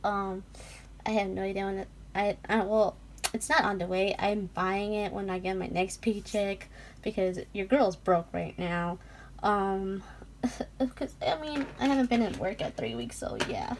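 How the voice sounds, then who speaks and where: Young woman, casual unboxing vlog, gushing, giggly, slow talker, gravelly fry. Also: medium pitch. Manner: gushing, giggly, drifts into soft whispers. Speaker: vlogger.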